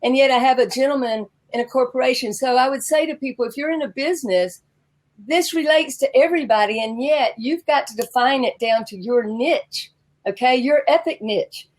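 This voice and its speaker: A Southern woman in a relaxed interview, chatty and animated and quick to laugh. Her voice sits a little on the higher side. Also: low-quality recording. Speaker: interview guest, founder of a personality tool. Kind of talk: casual interview talk.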